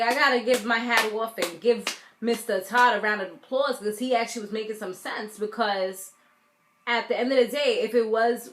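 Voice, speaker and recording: An American woman from a Caribbean family, doing a casual reality TV recap in a sassy, animated way, talking straight to her viewers. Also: fairly high pitch, echoey room. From Caribbean family, raised in the US. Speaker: TV recap vlogger.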